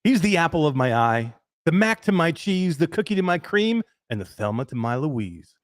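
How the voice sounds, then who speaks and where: A man with a New York accent hosting a live podcast chat from his home, excitable and rambling with fillers. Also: fairly high pitch, moderate pace. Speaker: host. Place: emptied home den.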